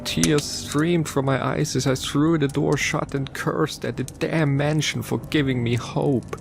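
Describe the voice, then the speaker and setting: A man narrating a first-person horror story in a somber, measured way. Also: fairly high pitch, fairly even intonation, gravelly, soft background music.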